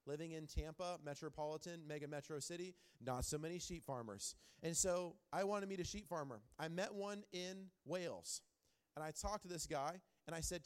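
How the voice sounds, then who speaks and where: A man's voice: a little high, a little fast. A man in his thirties preaching a sermon in a church, telling stories with animation and repeating phrases for emphasis. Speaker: pastor.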